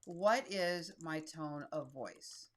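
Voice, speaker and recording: A woman in her fifties talks viewers through a tutorial in a casual, blunt voice. Her voice sits a little low, and she reads text aloud as she types it. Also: takes it slowly. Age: 50s. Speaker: solo creator and YouTube host. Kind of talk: casual screen-share tutorial.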